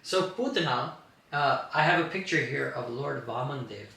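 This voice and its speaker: Gravelly bright-voiced man teaching. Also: medium pitch, normal speed. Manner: explanatory, animated storytelling. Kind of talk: scripture class storytelling. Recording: very echoey room.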